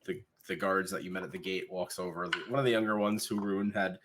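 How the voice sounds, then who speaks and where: A man narrating a tabletop game as dungeon master, relaxed and filler-heavy. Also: deep voice, fast, background noise. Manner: relaxed, hesitant, lots of fillers.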